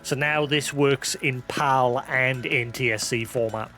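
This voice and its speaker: A man's voice: medium pitch, fairly even intonation, a little slow, bright, forceful tone, faint music behind. A man who hosts a live stream, chatting casually, rambling and self-deprecating, thinking aloud with many restarts. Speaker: livestream host.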